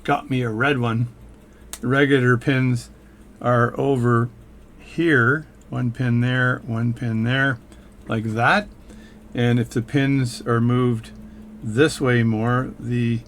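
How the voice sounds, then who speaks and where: A man with a gravelly, fry-laden voice talks through a repair at his workshop bench. His pitch is middling and his manner is casual and rambling, with hands-on explanations and self-mocking asides. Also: steady tone, slow, a little hiss or hum. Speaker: watchmaker and channel host.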